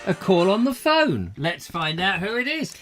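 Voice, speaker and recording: Lively jokey male chat show host. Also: sits high, moderate pace, loud music behind the voice. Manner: jokey, animated, rambling. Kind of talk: comic chat show banter.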